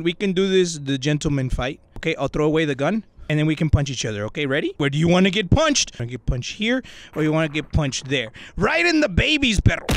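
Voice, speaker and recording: A man giving excitable, swearing, comedic commentary while playing a game, slipping between English and Spanish slang. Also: high-pitched, a little hiss or hum. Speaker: VR gaming YouTuber.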